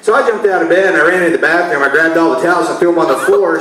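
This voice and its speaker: A man's voice: on the high side, rapid-fire, a bit bright. A man in his forties doing a loose, conversational stand-up routine and laughing at his own jokes. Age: 40s. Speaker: stand-up comedian. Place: comedy club stage. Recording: echoey live club from far off. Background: audience laughter.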